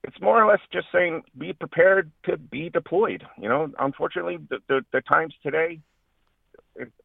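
Gravelly veteran man on a phone line. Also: fairly high pitch, no room sound. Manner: earnest, halting with many restarts. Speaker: veteran guest. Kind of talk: radio interview.

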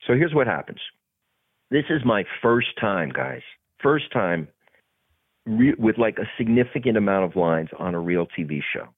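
Gravelly man telling a story, phone-like audio. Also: mid-range voice, normal speed, no room sound. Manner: animated storyteller, acts out quoted voices. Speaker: actor guest. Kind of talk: casual storytelling interview. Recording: tinny phone-like podcast audio.

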